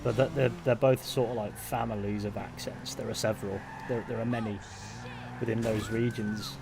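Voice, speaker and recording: A man's voice: fairly low pitch, fairly even intonation, moderate pace, creaky. An English man giving casual, rambling commentary while live-streaming a video game, with dry asides. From England. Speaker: gaming streamer. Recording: noisy game sounds behind.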